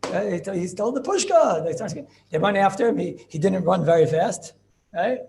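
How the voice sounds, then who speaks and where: A man with telling a Torah story as a rabbi, acting out the characters in an animated way. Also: fairly quick, gravelly, background noise. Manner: animated, acts out characters with shifting pitch.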